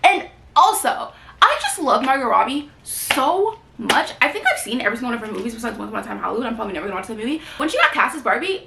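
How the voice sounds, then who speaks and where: In a room at home by a bookshelf, a young woman does a casual book haul chat as a book vlogger, rambling and gushing with lots of fillers. She's a little high, sing-song and quick, with a creaky, bright, forceful tone; the sound is roomy with slight background noise.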